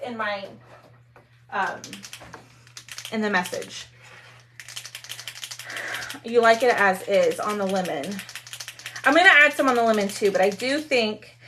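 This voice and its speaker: A woman's voice: medium pitch, bright, forceful tone. A woman hosting a casual craft live stream, chatting with viewers while she works. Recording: faint background noise.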